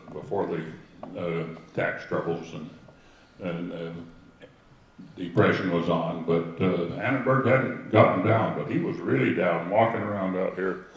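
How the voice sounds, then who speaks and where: This is an older man recounting family history to a crowd at an outdoor history gathering, his voice low and gravelly. He wanders through anecdotes and side comments. Captured from afar in a roomy setting, the audio is echoey and distant.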